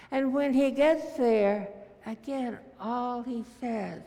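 Slow, gravelly woman preaching in a hall. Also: a little high, dark tone. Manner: vivid, slow storytelling retelling of scripture. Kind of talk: sermon.

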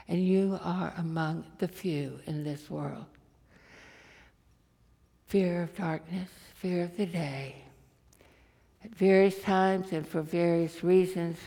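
A woman preacher giving a sermon, telling stories in a slow, deliberate way in a church. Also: fairly low pitch, creaky, darkish tone. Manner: slow, deliberate storytelling delivery. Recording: reverberant hall.

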